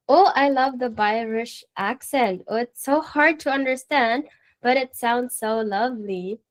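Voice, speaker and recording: Female radio host; relaxed slow delivery, bright upbeat manner. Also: on the high side. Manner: cheerful, laughs often. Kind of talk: live radio talk show.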